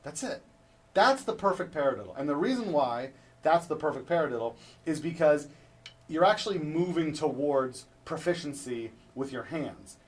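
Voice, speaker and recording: A man's voice: on the high side, animated, normal speed. A male drum instructor giving a hands-on lesson, coaching step by step and checking in with "right?" after each point. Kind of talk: instructional demonstration. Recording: distant mic with clear background noise.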